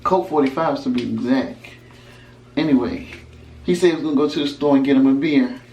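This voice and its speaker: A woman's voice: a bass voice, a little fast, dark tone. Woman telling a story in an echoey room. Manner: emphatic, conversational storytelling. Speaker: vlogger telling a personal story. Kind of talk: storytime vlog. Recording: roomy echo, mic at a distance, faint background hum.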